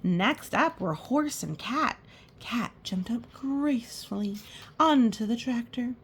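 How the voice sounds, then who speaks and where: A woman's voice: fairly high pitch, lively intonation, slow, slightly rough. A woman reading a picture book aloud at storytime, exclaiming and pointing out the pictures. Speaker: storytime reader.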